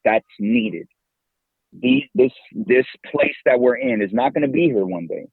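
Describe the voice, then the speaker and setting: A man in his forties, a podcast guest and campus minister, talking in a lively, slangy way and laughing often. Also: mid-range voice, unhurried, gravelly, breathy edge, no echo. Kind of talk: casual interview talk. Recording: tinny phone-like line, dry.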